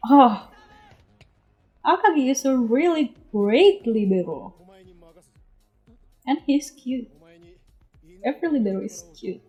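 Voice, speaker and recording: A woman doing live reaction commentary on an anime episode as a vlogger, excitable, with frequent exclamations and laughter, dropping into quiet murmured asides. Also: sits high, slow, long pauses, faint music behind.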